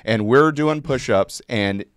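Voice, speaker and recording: A man in his forties, an Army veteran, telling a story casually on a podcast, halting with many fillers and repeated words. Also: mid-range voice, clear, resonant tone, dry recording, clean studio sound.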